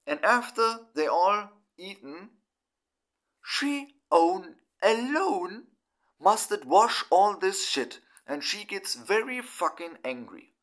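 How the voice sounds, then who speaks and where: Slow-talking German man, halting English. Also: sits high, big pitch swings, a bit bright. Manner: halting, broken English with swearing. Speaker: vlogger. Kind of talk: emotional personal monologue.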